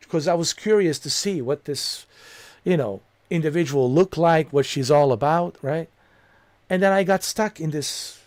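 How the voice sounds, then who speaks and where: A man who streams games tells a rambling story in an easy, chatty way, dropping "dude" and "you know" everywhere. His voice sits a little high for a man. The sound is dry and close, with no room around it. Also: darkish tone, dry recording. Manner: amused, laughs at his own story. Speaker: gaming streamer.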